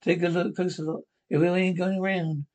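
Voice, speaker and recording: An actor playing a grumpy older Scottish pensioner in a sitcom, with a Scottish accent and blunt, gruff banter. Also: male voice, high-pitched, little pitch movement, brisk, a little mellow, close to an everyday voice. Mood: grumbling. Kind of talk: sitcom acting.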